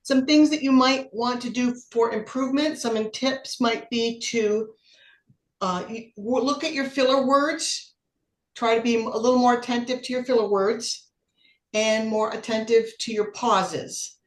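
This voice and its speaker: A woman's voice: on the high side, fairly even intonation, unhurried, roomy sound. A woman acting as general evaluator at a speaking club meeting, giving encouraging feedback on a speech. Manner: encouraging, apologetic when corrected.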